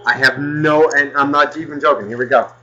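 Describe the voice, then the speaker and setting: A man's voice: a little high, fairly even intonation, brisk, pushed and bright, dull audio. A man hosting a casual podcast, rambling and swearing, flaring into mock anger. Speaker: podcast host.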